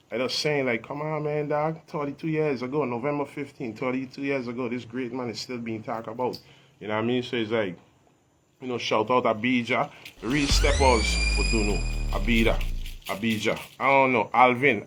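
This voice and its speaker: A man's voice: medium pitch, fairly bright tone. A man who talks with emphatic street swagger in a laid-back interview. His voice sits in an ordinary middle range for a man. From Virgin Islands. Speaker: guest artist. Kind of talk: casual interview chat.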